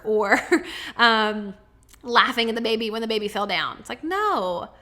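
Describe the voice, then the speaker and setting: A woman hosting a self-help podcast, speaking softly and earnestly, with slow stretched words. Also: medium pitch, expressive. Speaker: podcast host.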